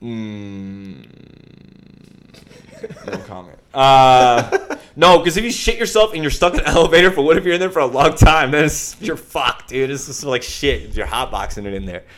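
A young man telling a story in a casual chat, swearing freely and acting out his panic with loud shouts. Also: mid-range voice, moderate pace. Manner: profane, animated storyteller with shouted reenactments.

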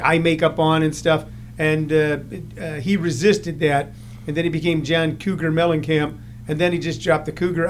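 A man's voice: on the high side, a little hiss or hum. A man hosting a casual interview chat, rambling with plenty of hesitations. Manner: rambling, lots of uh fillers. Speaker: radio host.

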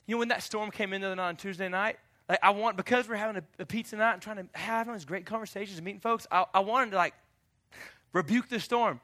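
A man preaching a sermon as pastor, animated and jokey in a conversational way. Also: high-pitched.

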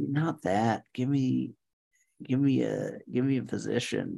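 A man co-hosting a casual sports podcast, excitable and swearing, muttering to himself as he searches. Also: medium pitch, unhurried, gravelly, pauses often, slightly rough. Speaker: podcast co-host. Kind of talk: casual chat.

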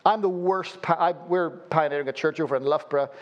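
A man preaching a sermon as a pastor, telling humorous stories and dropping suddenly to a low, quiet voice. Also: fairly quick.

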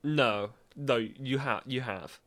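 A young man, co-hosting a podcast in casual chat, full of stammered restarts and quick laughs. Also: mid-range voice, a bit bright. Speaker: podcast co-host.

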